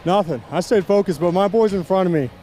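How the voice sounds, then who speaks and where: A quick-talking, mellow young goaltender. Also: male voice, high-pitched. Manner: humble, grateful, quick-talking. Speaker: hockey goaltender. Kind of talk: post-game interview.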